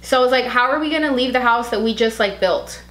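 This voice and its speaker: A woman co-hosting a podcast in a casual chat, talking freely with lots of "like", emotional and quick to tear up. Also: a little high, fairly bright tone, echoey room, low-quality recording. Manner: chatty, heavy use of "like"; emotional, easily tearful. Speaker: podcast co-host.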